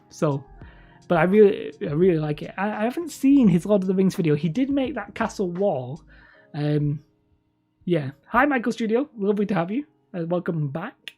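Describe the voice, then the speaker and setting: Host of a live stream: a low, husky-voiced woman with a slight lisp, rambling and correcting herself, with faint music behind. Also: mellow. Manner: rambling, self-correcting, laughs often. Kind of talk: casual livestream chat.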